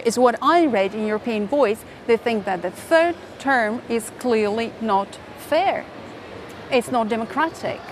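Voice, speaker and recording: Panel moderator, woman; polite questioning, non-native English; slightly high voice, faint noise. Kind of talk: round table discussion.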